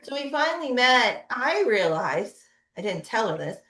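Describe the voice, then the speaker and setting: A woman's voice: on the high side, sing-song, normal speed, pushed and bright. Chatty woman therapist in echoey room. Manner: conversational, frequent tag questions. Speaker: pediatric physical therapist. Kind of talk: webinar presentation.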